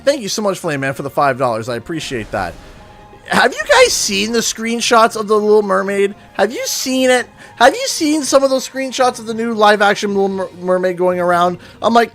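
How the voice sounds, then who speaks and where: A man's voice: sits high, sing-song, moderate pace, a bit bright, faint music behind. A man from Canada chatting casually while live-streaming a video game, playfully exaggerated and sing-song when he complains. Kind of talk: gaming livestream chat.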